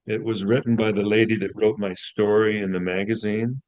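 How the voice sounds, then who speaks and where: Deep-voiced man in his sixties, folksy. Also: little pitch movement, fairly quick, a little mellow, dry recording, poor audio. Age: 60s. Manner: folksy storyteller, self-deprecating humor, stumbles and restarts. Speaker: guest author. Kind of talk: casual interview chat.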